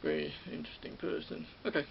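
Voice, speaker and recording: A middle-aged Australian, formerly a ride operator, reminisces in a rambling, casual manner, often repeating and correcting himself. He speaks fast in a slightly high voice with vocal fry and huge pitch swings. Faint hiss accompanies the dull-sounding audio.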